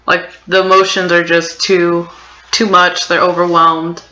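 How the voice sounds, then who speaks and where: Bright-voiced woman player, echoey room. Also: on the low side, little pitch movement, lo-fi sound. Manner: halting, with many likes. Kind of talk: tabletop role-play.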